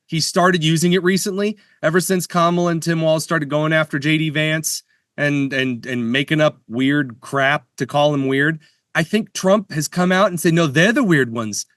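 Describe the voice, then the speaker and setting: Guy co-hosting a podcast, kinda high voice, dry close mic, stammers and jokes around. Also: a bit bright, no room sound. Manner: playful, stammering restarts, jokey bets. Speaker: podcast co-host. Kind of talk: casual chat. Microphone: studio mic.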